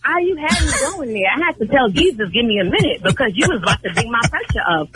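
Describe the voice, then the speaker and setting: A woman's voice: fairly high pitch, very animated, quick pace, a bit bright, slight background noise. A woman on a phone call to a radio show, exasperated and calling on the Lord. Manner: exasperated, churchy exclamations. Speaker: prank call target. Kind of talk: heated phone argument.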